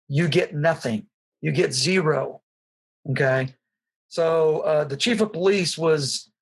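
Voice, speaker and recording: A middle-aged man telling a personal story in an earnest, halting way, with frequent restarts. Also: a little high, husky. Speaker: guest sharing his testimony.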